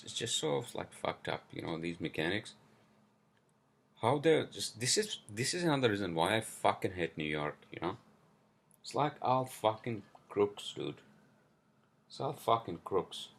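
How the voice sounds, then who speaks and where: Deep gravelly guy swearing his way thru a podcast rant. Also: fairly bright tone. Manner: profane, frustrated ranting. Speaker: podcast host. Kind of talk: casual solo podcast rant.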